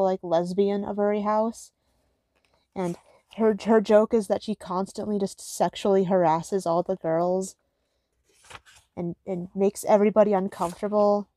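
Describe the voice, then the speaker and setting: A woman's voice: mid-range voice, a little mellow, dry recording, clean studio sound. A young woman reacting to a manga she is reading, swearing constantly in a sarcastic, exasperated tone. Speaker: reader reviewing a manga. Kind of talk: casual reading-and-reaction commentary.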